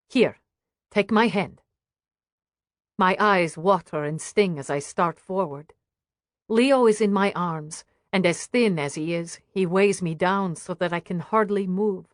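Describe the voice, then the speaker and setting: Female audiobook narrator, grave and hushed, unhurried, dry close-miked studio sound. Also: fairly low pitch, no room sound. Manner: hushed, grave first-person reading.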